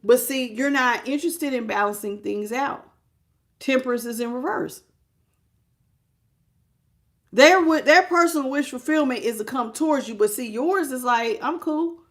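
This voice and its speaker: Woman with a slightly high voice doing a chatty live tarot reading aimed straight at the viewer. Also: moderate pace. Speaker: tarot reader.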